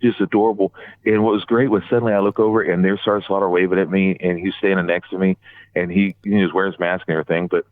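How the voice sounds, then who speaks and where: A man's voice: deep voice, level tone, very fast, dry recording. A man on a podcast telling rambling stories about a fan event, full of restarts. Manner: rambling anecdotes with many restarts. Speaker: podcast regular recounting a fan convention trip. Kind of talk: casual phone-in storytelling. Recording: dry, tinny phone line.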